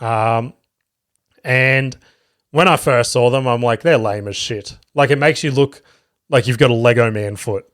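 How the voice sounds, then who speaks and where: A man's voice: medium pitch, unhurried, fairly bright tone, no echo, studio quality. A man hosting a solo podcast, chatting casually and swearing freely as he rambles through stories. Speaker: podcast host and stand-up comedian.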